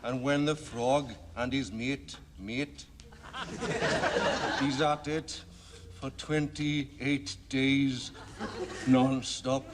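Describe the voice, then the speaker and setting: An actor playing an earnest, matter-of-fact inmate in a 1970s sitcom. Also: male voice, mid-range voice, steady tone, extremely slow, pauses often, very noisy. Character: solemn oversexed Welsh male inmate.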